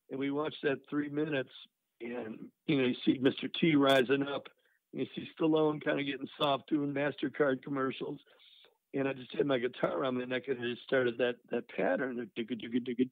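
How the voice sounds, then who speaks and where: A man's voice: mid-range voice, gravelly, no echo. An older man, a musician guest, telling career stories in a rambling way full of "you know" and "uh". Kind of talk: casual storytelling interview. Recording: dry, tinny phone-line sound.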